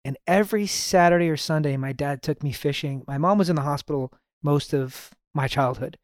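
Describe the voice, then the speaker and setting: Middle-aged male guest, relaxed storyteller, fairly high voice, dry sound. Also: fairly quick, no echo. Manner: relaxed storyteller, sprinkles in "you know". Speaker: podcast guest. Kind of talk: casual storytelling conversation.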